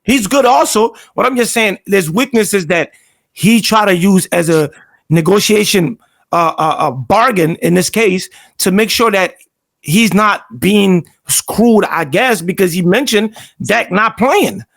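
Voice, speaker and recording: A man with a high, gravelly voice hosts a casual sports debate. He rambles in an animated way and keeps restarting his thoughts. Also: measured pace. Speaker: sports talk host.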